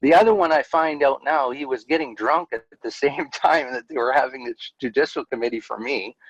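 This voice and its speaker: A man's voice: mid-range voice, brisk, dry recording, dull audio. A middle-aged man, candidly telling his personal story as an interview guest, with frequent fillers.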